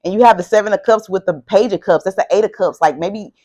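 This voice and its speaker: A woman giving a casual tarot reading who talks in an excitable, emphatic way and swears a lot. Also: mid-range voice, fast. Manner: excitable, emphatic and heavily profane. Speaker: tarot reader.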